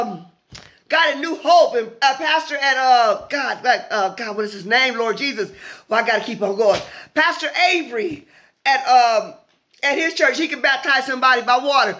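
A woman evangelist preaching fervently to an online audience, repeating phrases and shouting at the peaks. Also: fairly high pitch, moderate pace.

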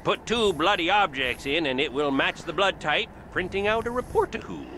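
A man's voice: high voice, expressive, normal speed, sharp tone, a little hiss or hum, heavily acted. A man voicing a giggly, eager small-town coroner in a video game, tacking a silly sound onto his words. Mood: giddy. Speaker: game character.

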